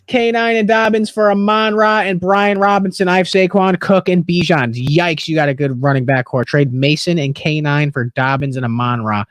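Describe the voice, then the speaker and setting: A tired man with a high voice talking fantasy football on a casual livestream. He swears, jokes and rambles, and the sound is close and dry. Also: fairly even intonation, moderate pace, few pauses, no room sound. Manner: loose, swearing, joking, yawning.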